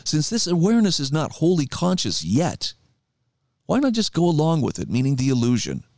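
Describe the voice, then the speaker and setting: A man's voice: fairly high pitch, huge pitch swings, normal speed, darkish tone, no echo, studio quality. A middle-aged man hosting a talk radio show, reflecting conversationally and reading articles aloud with emphasis.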